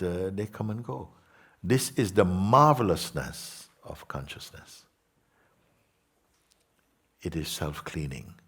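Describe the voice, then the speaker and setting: A man giving a spiritual satsang talk to an audience, gentle and unhurried, repeating simple phrases and asking his listeners questions. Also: sits low, slightly rough. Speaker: spiritual teacher.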